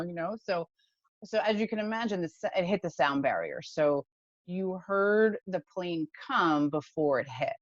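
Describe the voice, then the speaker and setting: Interview guest: woman, low voice, dull dry recording, emotional storyteller. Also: normal speed, no room sound. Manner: emotional, animated retelling with laughs. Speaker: podcast guest, company founder.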